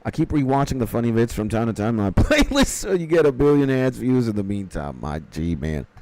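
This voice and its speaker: A man's voice: fairly low pitch, a little mellow, dry recording, low-quality recording. A young man streaming a game, chatting casually with viewers, swearing freely and reading quest dialogue aloud. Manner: swears casually, greets chat viewers by name.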